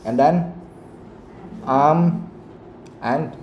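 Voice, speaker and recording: A man teaching a live English pronunciation lesson, asking the class the same question again and again and saying the example sentences slowly. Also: on the high side, dull audio. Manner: asks questions again and again, quotes the audio slowly. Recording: echoey room, faint background noise.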